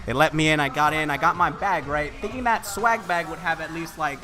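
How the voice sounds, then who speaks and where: A man's voice: fairly high pitch, fairly quick, bright, forceful tone, soft background music. A man telling a long frustrated story in casual chat, full of "you know" and "like" fillers. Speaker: commentator.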